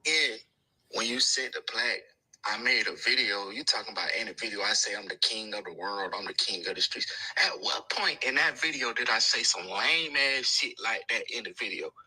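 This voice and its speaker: A man's voice: lowish voice, moderate pace, sharp tone, breathy edge, low-quality recording. A young man, a rapper, talking bluntly and defensively in street slang, played from a video.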